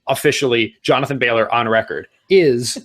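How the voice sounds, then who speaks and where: A middle-aged man co-hosting a talk show, giving casual advice and speeding up as he gets excited. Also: medium pitch, moderate pace. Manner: animated, speeds up when excited. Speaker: podcast co-host.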